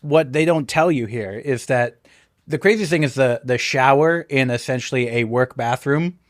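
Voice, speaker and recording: A man chats on a comedy podcast in a relaxed, rambling way, restarting his sentences as he goes. His voice is mid-pitched, and the sound is dry and close. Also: moderate pace, no echo. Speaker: podcast co-host. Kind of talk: casual comedic banter.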